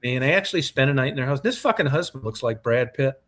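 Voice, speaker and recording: A man with a bright, sharp-edged voice tells a long personal story on a casual podcast. He swears at nearly every turn and rambles freely, circling back through the tale. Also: mid-range voice, expressive, quick pace. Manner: profane, rambling anecdote-telling. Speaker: podcast co-host. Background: co-host's short reactions.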